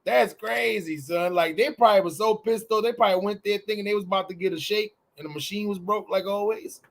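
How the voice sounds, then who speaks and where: High pitched dude riffing on a morning podcast, cussing a lot, voice all over the place. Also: male voice, brisk. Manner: animated, profane, swings pitch wildly acting out quotes. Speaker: podcast co-host. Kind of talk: casual morning show banter.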